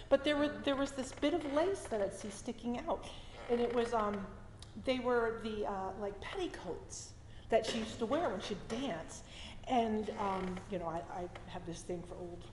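A woman's voice: mid-range voice, darkish tone. A woman tells a personal story to a live audience at a story slam, chatty and emotional. She often laughs in asides and restarts her sentences. The stage mic picks her up in a roomy hall with a long reverb tail and a faint hum behind.

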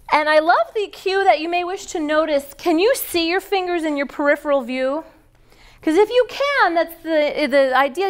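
Woman yoga trainer, high lively voice, playful and upbeat cues to a class. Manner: upbeat, playful, cue-giving.

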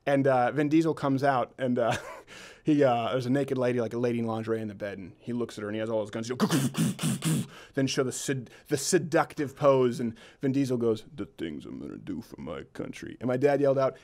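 A man hosting a comedic panel talk show, telling jokey stories in an animated way. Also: mid-range voice, a little fast. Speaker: host.

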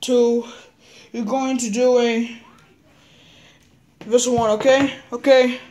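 A woman acting out a classroom with toys, talking haltingly and repeating herself. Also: on the high side, little pitch movement, a little mellow. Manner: halting, repeats words and restarts often. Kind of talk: toy role-play as a teacher.

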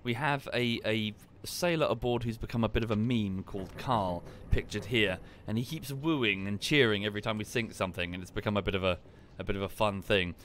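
A man casually commenting on a live game stream and explaining history at length in a relaxed, wry way. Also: lowish voice, fairly quick, hardly any pauses, slight background noise.

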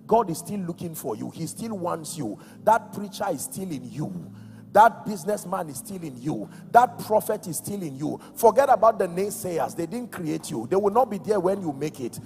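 Nigerian male preacher, high and gravelly, swings from shouts to hushed lines; echoey church hall. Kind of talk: sermon.

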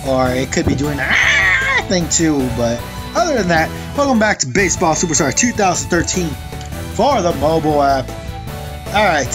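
A young man with a slightly high voice rambles through casual gameplay commentary, cursing whenever the game turns on him. Game music plays clearly behind him. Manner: rambling, swears when frustrated. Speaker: gaming channel host.

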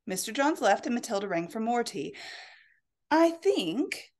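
A woman author reading her own historical romance aloud in a lively, expressive storytelling voice. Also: a little high, fairly quick. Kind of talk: storybook narration.

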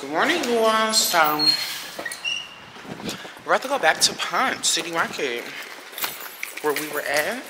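A woman's voice: fairly low pitch, expressive, measured pace, long pauses. A woman vlogging casually into her phone while walking around a shopping market, blunt and profane. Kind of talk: casual vlog chat. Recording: loud background noise.

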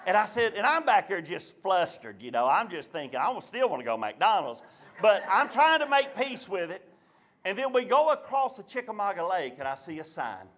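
A man's voice: high-pitched, normal speed. A man telling a stand-up story to a live audience, acting out his family's voices. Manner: animated, acts out family voices. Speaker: stand-up comedian. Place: live comedy show venue.

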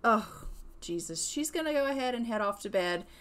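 A woman's voice: a little high, lively intonation, normal speed, a bit bright. Chatty, sarcastic woman narrating gameplay. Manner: chatty, sarcastic, exclaims freely. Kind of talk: casual let's-play narration.

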